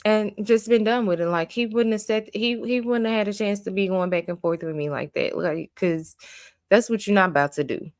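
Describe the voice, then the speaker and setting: A woman's voice: medium pitch, moderate pace, no echo, clean studio sound. A woman giving a casual recap and review of a reality show, blunt and opinionated, venting her exasperation.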